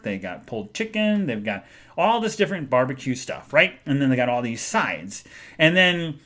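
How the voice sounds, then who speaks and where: A man hosting a podcast, telling a story in a casual chat and acting out the people in it with sudden jumps in pitch and loudness. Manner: animated, acts out quoted people with big jumps in pitch and loudness. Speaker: podcast host.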